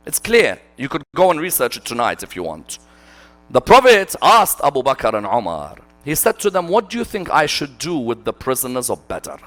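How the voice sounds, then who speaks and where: Impassioned lecturing man, lively pitch. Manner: impassioned, rhetorical questions, swings from loud to hushed. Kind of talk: religious lecture. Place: mosque hall.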